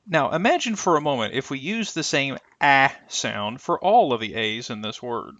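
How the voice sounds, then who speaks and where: Man, pronunciation teacher, bright lively voice, dry slightly muffled recording. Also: medium pitch, no room sound. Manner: careful, deliberate, stretches example sounds. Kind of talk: scripted instructional narration.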